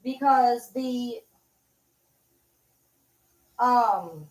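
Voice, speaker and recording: A woman chatting casually on a livestream from her desk at home. She rambles, swears freely and pokes fun at herself while she talks to her viewers and her dog. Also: a little high. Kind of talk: casual live-stream chat.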